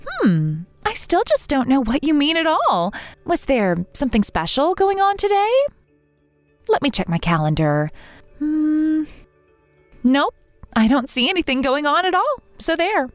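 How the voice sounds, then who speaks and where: A spoiled, cruel sister-in-law , put on by a woman reading a text story, who taunts in a sneering, sing-song way. Her pitch swoops widely. The voice sounds dry and close, with faint music behind. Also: sing-song, a little slow, no room sound. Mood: mocking. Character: snobbish wealthy sister-in-law, mocking and cruel.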